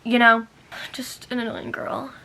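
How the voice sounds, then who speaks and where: A young woman chatting excitedly as a book vlogger, bubbly and full of "like". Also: a little high, measured pace, slight background noise. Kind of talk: casual chat.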